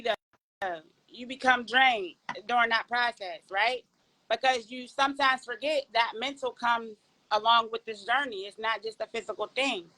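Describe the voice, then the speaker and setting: A woman's voice: on the high side, rough recording. A woman from Pittsburgh with a Pittsburgh accent, a podcast guest chatting casually and animatedly about her experience, talking straight to the listeners. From Pittsburgh, Pennsylvania. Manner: animated, talks to the audience as y'all, folksy. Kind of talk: casual testimonial chat.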